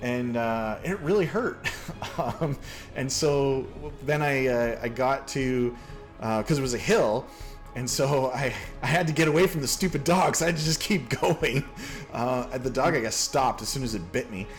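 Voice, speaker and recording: A man's voice: mid-range voice, normal speed, soft background music. A man from Canada hosting a casual chat, rambling through a story with lots of fillers. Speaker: podcast host.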